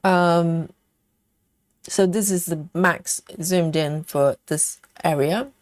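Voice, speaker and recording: Woman, livestream host, slow easygoing chat, slightly low voice, dry close sound. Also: dry recording. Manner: unhurried, thinking aloud with many ums. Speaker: cross-stitch livestream host. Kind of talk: casual livestream chat reading comments.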